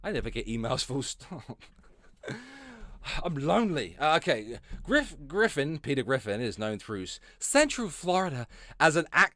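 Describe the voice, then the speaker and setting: A man's voice: mid-range voice, very animated, moderate pace, pushed and bright. A man streaming live, giving sarcastic, heavily profane commentary, often breaking into laughter. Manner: sarcastic, swears constantly, often laughs and trails off.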